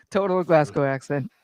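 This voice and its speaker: A man's voice: on the high side, measured pace, a little mellow, clear, resonant tone, no echo, clean studio sound. A man on a music review panel, speaking hesitantly and trailing off. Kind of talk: casual chat.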